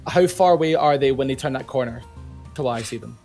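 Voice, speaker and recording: A man's voice: medium pitch, quick pace, darkish tone, soft background music. A man playing a tabletop game, describing his moves in a chatty, hesitant way. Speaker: player. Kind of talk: casual tabletop play.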